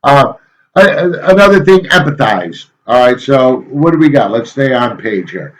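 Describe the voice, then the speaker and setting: A male teacher giving a casual, folksy lecture to his students, rambling a little with frequent pauses and filler sounds. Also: mid-range voice, expressive, low-quality recording.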